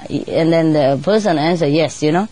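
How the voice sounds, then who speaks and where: A woman chatting casually in non-native English, laughing often and sometimes mimicking birds in a squeaky voice. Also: normal speed, warm tone. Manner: laughs often between phrases; imitates birds in high squeaky voice. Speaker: bird keeper telling stories. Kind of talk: casual storytelling.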